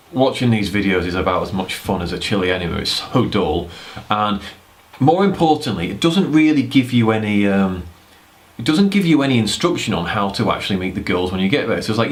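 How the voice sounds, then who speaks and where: Deep-voiced man rambling advice. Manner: rambling, blunt, swears casually. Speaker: dating advice vlogger. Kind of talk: casual talking-head advice.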